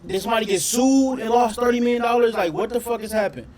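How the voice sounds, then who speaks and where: A man doing casual reaction commentary on his channel, talking in an animated, profane way and often questioning his audience. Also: extremely high pitch, fast. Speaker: reaction streamer.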